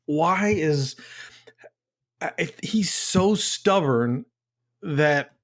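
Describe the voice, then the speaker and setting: A man's voice: a little high, animated, very slow. A man co-hosting a sports podcast in casual chat, ranting in frustration with many restarts. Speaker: podcast co-host.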